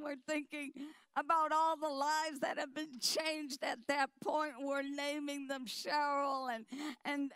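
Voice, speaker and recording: A middle-aged woman telling her story at a dinner, animated and emphatic, acting out the quotes. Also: sits high, no echo.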